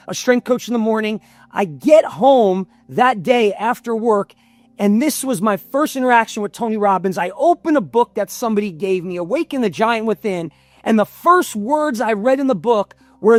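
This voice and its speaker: A man, a coaching guest on a podcast, telling an intense, heartfelt personal story that builds to shouts at its peaks. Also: very high voice, expressive, brisk, no echo, faint music behind.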